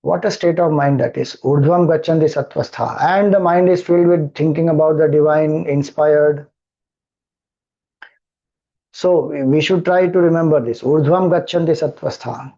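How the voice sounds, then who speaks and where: A man's voice: a little high, steady tone, normal speed, creaky, warm tone, lo-fi sound. A man with an Indian accent, a spiritual teacher explaining scripture, who keeps repeating verses and asking rhetorical questions. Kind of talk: scripture discourse.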